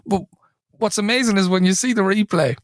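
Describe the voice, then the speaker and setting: A man's voice: high voice, fairly quick, no echo, studio quality. A man co-hosting a podcast in casual chat, chatty and laughing as he tells it. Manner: chatty, laughs while telling it. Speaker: podcast co-host.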